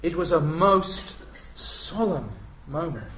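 A man's voice: fairly high pitch, expressive, measured pace, noisy background. A British man preaching a sermon, solemn and emphatic, in a church. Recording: roomy church hall.

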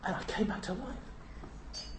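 A preacher voicing Lazarus, a man raised from the dead, speaking in a hushed, halting way in an echoey hall. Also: very high-pitched, very animated, noisy background, pitched above the performer's own voice, full character voice. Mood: earnest. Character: Lazarus, raised man, bewildered and plain-spoken. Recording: roomy church hall.

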